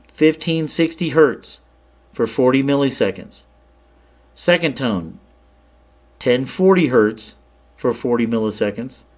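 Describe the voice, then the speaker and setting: A man hosting a radio programming tutorial, explaining settings in a plain, relaxed way and checking in with the viewer now and then. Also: mid-range voice. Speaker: ham radio tutorial host. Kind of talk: casual screen-share tutorial.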